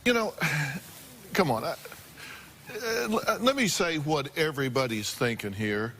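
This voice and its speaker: A man's voice: mid-range voice, sing-song, moderate pace, a bit bright, a little hiss or hum. A man hosting a talk show, confronting his guest bluntly and emphatically in a studio.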